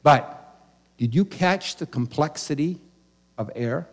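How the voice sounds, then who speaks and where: A man's voice: on the high side, animated, takes it slowly. A man pastor delivering a sermon in a conversational, teaching manner, with casual asides and restarts.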